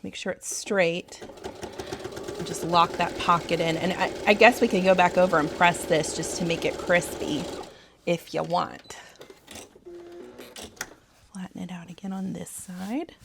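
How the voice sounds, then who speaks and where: A woman's voice: on the low side, fairly even intonation, unhurried, vocal fry, long pauses, noisy background. A woman in her thirties with a Southern US accent, hosting a casual sewing tutorial from her home sewing room, chatty and rambling with frequent laughs. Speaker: sewing channel host. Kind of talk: casual sew-along tutorial.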